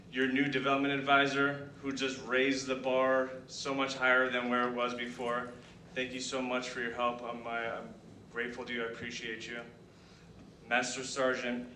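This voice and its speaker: A man's voice: mid-range voice, sharp tone. Emotional retiring man in echoey hall. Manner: emotional, halting, many fillers and restarts. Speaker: retiring senior master sergeant giving a speech. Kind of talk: retirement ceremony speech. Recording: echoey hall, distant mic, noisy.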